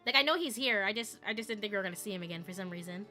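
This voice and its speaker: A woman's voice: mid-range voice, animated, racing, music in the background. A woman game streamer who jokes, laughs often and reads the story text aloud.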